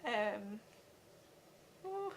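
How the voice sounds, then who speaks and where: A young woman giving an earnest personal vlog update, talking haltingly with many fillers. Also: medium pitch, sing-song, slight background noise. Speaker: vlogger.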